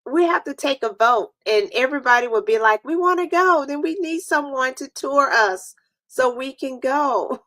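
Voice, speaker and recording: Speaking at normal speed in a high-pitched, somewhat bright voice with no echo, this New York woman hosts a casual stream. She's chatty, laughs often, and is playful with the people watching.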